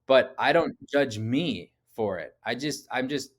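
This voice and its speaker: This man is a podcast guest in his thirties, chatting through personal stories in a casual interview. His voice sits at an everyday middle pitch. He talks in an animated way, scatters "like" throughout, and slips into acted-out dialogue. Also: a little slow. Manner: animated, acts out quoted dialogue, frequent "like" fillers.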